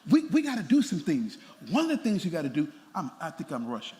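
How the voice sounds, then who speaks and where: A pastor preaching a sermon, playful and animated, tossing laughing asides to the congregation. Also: male voice, fairly high pitch, quick pace. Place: large church sanctuary. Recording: church hall reverb with faint room noise.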